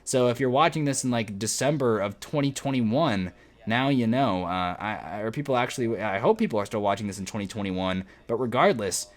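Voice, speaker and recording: A man's voice: lowish voice, lively intonation, brisk. A young man telling a jokey story on his vlog, full of slang and playful exaggeration. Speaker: vlogger.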